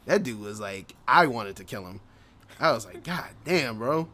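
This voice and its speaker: A man's voice: lowish voice, animated, normal speed, sharp tone. A man co-hosting a casual podcast, rambling with many fillers and frequent laughs. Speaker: podcast co-host. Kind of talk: casual chat.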